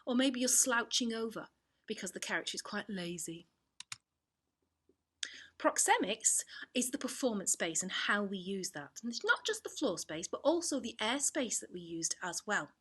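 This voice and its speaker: A woman teaching an online drama lesson, explaining clearly and demonstrating examples with her voice. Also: medium pitch, lively intonation, moderate pace, a bit bright. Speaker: performing arts teacher.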